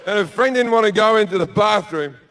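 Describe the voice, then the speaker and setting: Aussie stand-up guy, higher voice, crude deadpan storytelling into a stage mic with a bit of background hiss. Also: fairly quick. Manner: crude, deadpan storytelling with sudden loud bursts. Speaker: stand-up comedian. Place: stage before a live audience.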